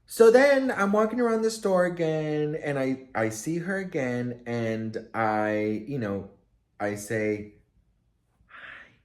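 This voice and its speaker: A man telling a story casually to camera, chatty and expressive, acting out quotes with lots of fillers. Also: mid-range voice, slow pace. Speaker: vlogger and storyteller.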